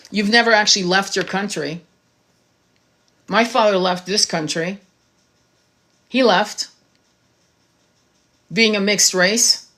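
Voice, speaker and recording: A woman's voice: medium pitch, a bit bright. A woman tarot reader giving an impassioned monologue to her viewers, blunt and heated, swearing freely.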